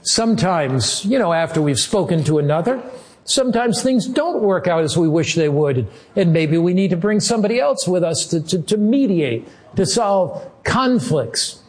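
Earnest, higher-voiced male pastor preaching. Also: sing-song. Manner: earnest, measured, with slow emphatic phrases. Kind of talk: sermon.

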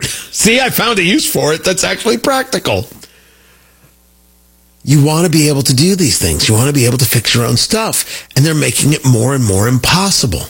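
A middle-aged man hosting a talk radio show, animated and jokey, wandering off on tangents. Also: fairly high pitch, moderate pace, husky. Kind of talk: opinionated talk radio monologue.

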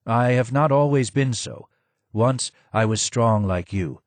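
A man doing a low, hoarse, broken old advisor. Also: dry recording, natural voice. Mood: sorrowful. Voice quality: low and hoarse, slow and measured. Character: broken old male former royal advisor, hoarse, sad.

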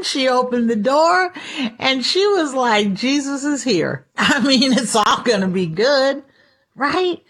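A woman preaching a sermon in an expressive, storytelling way. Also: a little high. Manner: expressive, shifts into dramatized voices.

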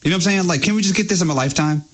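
A man co-hosting a radio show, rambling and excitable with lots of fillers. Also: sits high, very fast. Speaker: radio co-host. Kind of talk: radio talk. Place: radio studio.

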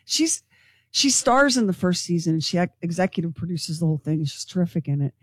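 A woman co-hosting a radio talk show, talking in a lively, gossipy, emphatic way. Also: lowish voice, brisk, no room sound, clean studio sound. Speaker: radio co-host.

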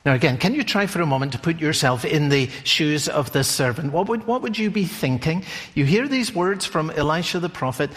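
A male preacher giving a sermon in a deliberate storytelling manner, often asking listeners questions. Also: fairly high pitch, animated, a bit bright. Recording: long hall reverb.

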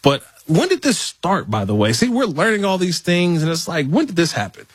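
A man's voice: fairly high pitch, very animated, a little fast, breathy edge, no echo. A man filling in as host of a sports talk show, chatting casually and laughing with jokey asides. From Los Angeles area. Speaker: fill-in radio show host.

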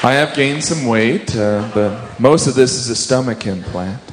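A man's voice: medium pitch, a little slow, crowd noise, noisy background. A man doing a self-mocking stand-up routine, slipping into quoted voices as he goes. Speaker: stand-up comedian.

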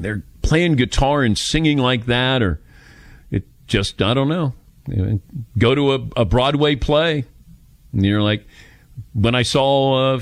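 Into a studio microphone, a fiftyish radio talk show host with a mid-range voice chats casually, sharing self-deprecating stories about himself. There is no echo on the recording.

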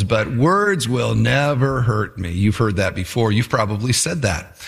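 A man preaching an expository sermon, telling the story in an animated way and asking his listeners questions. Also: medium pitch. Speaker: pastor.

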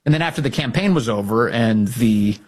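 A man's voice: mid-range voice, lively intonation, brisk. A man giving sarcastic, mocking political commentary as a host.

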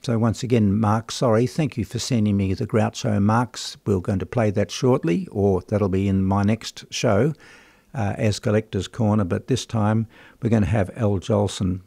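A man presenting a radio music show in a chatty, unhurried way, with plenty of ums and uhs. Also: mid-range voice, vocal fry, mellow, no room sound.

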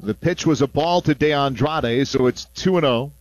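A man calling a baseball game on the radio, mixing play-by-play with relaxed, chatty asides between pitches. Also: normal speed, dry recording. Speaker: play-by-play announcer.

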